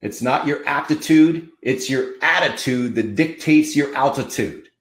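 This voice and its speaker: A man's voice: medium pitch, unhurried, roomy sound. A man hosting a podcast, giving an emphatic, fired-up motivational monologue with punchy repetition. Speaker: podcast host.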